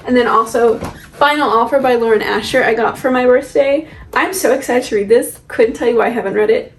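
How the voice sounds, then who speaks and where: Chatty young woman, echoey room. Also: a little high. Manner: chatty, rambling, self-questioning. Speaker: book vlogger. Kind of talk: casual chat showing her bookshelf. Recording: echoey room with soft music. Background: soft background music.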